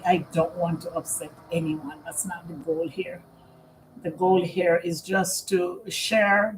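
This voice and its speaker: Middle-aged woman on a live stream, low voice, very slow and earnest, keeps repeating herself, faint room hum. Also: low-quality recording. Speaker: vlogger and family caregiver. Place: at home. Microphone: computer microphone.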